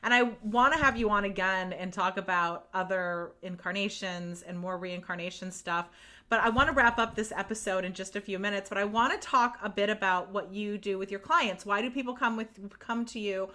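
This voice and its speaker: Woman podcast host, bright forward voice, enthusiastic and casual, swears freely and laughs easily. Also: mid-range voice, a little fast. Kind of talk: casual interview chat.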